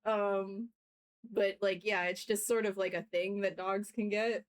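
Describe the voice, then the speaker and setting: A woman's voice: medium pitch, steady tone, unhurried. A woman livestreaming while she works, chatting casually with viewers, laughing often and retelling things with animation. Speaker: livestreaming artist. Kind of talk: casual chat while working.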